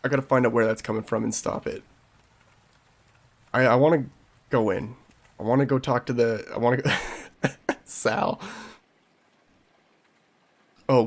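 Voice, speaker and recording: A man giving relaxed let's-play commentary, chuckling and reading dialogue aloud. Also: mid-range voice. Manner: laid-back, chuckling, reads dialogue aloud. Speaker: streamer.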